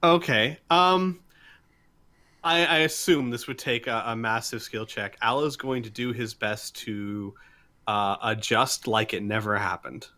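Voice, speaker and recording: A man takes part in a tabletop game, narrating what his character does in a calm, measured way. His voice is bright and mid-pitched. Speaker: player. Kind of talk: tabletop role-play, describing his character.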